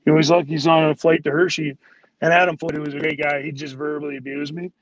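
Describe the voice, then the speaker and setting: A man's voice: a little high, level tone, fast talker, highs cut off, a crowd in the background. A man who played pro hockey, a guest telling stories in a rambling way, full of "like"s and acted-out quotes of teammates. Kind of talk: casual storytelling.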